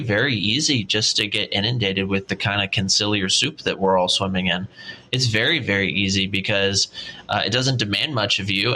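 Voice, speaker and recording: A man's voice: lowish voice, bright, forceful tone, low-quality recording. A male guest commentator making his points assertively in a casual panel discussion.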